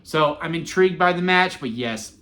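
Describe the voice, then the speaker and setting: A man's voice: a little high, lively intonation, normal speed, bright, forceful tone. A man reviewing a wrestling show in a casual, opinionated monologue, with frequent fillers and restarts.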